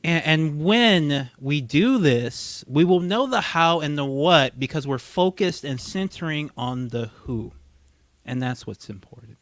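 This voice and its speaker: A man's voice: fairly high pitch, lively intonation, a little slow, a bit bright, no echo. Man putting on a rambling progressive speaker, buzzword-heavy, sing-song swoops, dry close sound. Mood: solemn. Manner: sing-song, repetitive political jargon with swooping rises.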